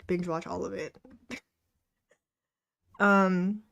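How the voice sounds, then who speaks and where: A woman's voice: lowish voice, little pitch movement, drawn-out words, creaky, a bit bright, muffled recording. A young woman hosting a live study stream, chatting casually with viewers, reading their comments aloud and laughing often. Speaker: livestream host. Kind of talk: casual chat with a live audience. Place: home desk during a study stream.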